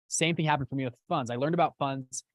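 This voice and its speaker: A young man who founded a fund company, casually telling a story to an online audience in an animated way and acting out quoted lines. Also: fast, dry recording. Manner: animated, acts out quotes with big jumps in pitch.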